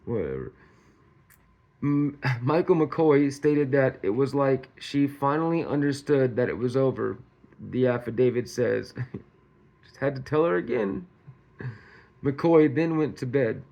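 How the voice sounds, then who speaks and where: A man's voice: mid-range voice, lively intonation, a little slow, gravelly, long pauses, warm tone. Sarcastic, laughing commentary man. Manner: laughs often, rambling and sarcastic; colloquial, says y'all. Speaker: true-crime commentary host. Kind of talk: casual commentary vlog.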